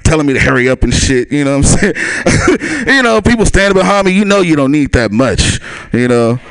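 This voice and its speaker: A man's voice: a little high, very animated, a little fast, fairly bright tone, dry recording. A man doing a loose stand-up set at a small club, laughing at his own lines and talking straight to the crowd. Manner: loose, chuckling, talks to the crowd. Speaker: stand-up comic. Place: small comedy club stage.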